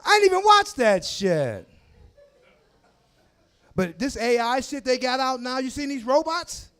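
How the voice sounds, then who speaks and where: A man in his forties tells crude stories on a comedy club stage, his voice very high and swinging widely in pitch. He talks loudly into a handheld mic and shouts his punchlines. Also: unhurried, clear, resonant tone. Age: 40s. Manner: loud, crude, animated storytelling with shouted asides. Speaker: stand-up comedian. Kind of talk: stand-up comedy set.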